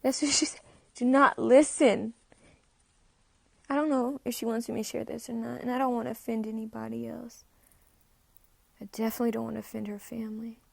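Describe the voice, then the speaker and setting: A woman talking at home in a casual confessional monologue about a message she feels she received. She speaks haltingly, repeats phrases and sometimes drops to a near-whisper. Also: on the high side, little pitch movement, gravelly, no echo. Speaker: self-described spirit medium.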